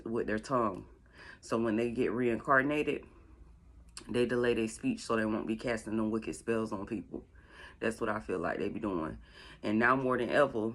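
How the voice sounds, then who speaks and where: A middle-aged woman from Florida, rambling through a casual story as a vlogger, drawing words out slowly for effect. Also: extremely low pitch, fairly bright tone. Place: at home doing makeup.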